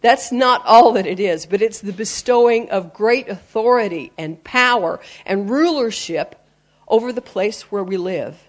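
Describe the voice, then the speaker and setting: A woman's voice: mid-range voice, unhurried. A woman preaching a sermon, explaining the roots of words and quoting scripture in an earnest teaching tone.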